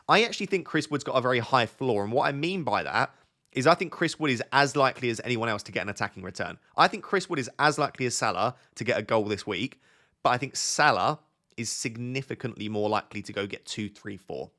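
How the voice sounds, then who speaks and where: Fast-talking and sharp-toned, a young man from Essex, England runs a fantasy football live stream, reading viewer questions aloud and mulling over friendly advice in a southern English accent. His voice is mid-range with lively intonation.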